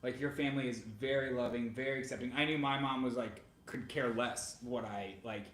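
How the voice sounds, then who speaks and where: A man co-hosting a vlog, chatting excitedly and speaking straight to the viewers. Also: mid-range voice, fairly quick, a little hiss or hum. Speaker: vlogger, co-host. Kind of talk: casual chat. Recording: echoey room.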